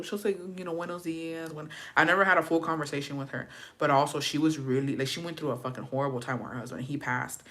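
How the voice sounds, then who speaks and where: A young woman vlogger telling a family story in casual chat, cursing freely and slipping into Spanish phrases. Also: low voice. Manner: profane, animated, switches into Spanish.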